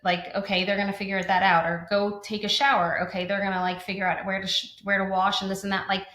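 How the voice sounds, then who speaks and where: An earnest woman in her thirties talks through her views as a podcast co-host, often restarting her sentences and reaching for "like". Her voice sits at an ordinary middle pitch. The room around her is noticeably roomy and echoey. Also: flat delivery, fast, a bit bright. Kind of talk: conversational podcast discussion. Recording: roomy echo.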